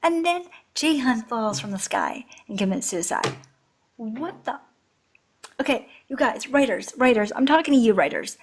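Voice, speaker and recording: A woman with a fairly high voice talks through a drama in casual chat. She rants with animated exasperation, stacking up questions. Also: moderate pace, background noise. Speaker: drama review co-host.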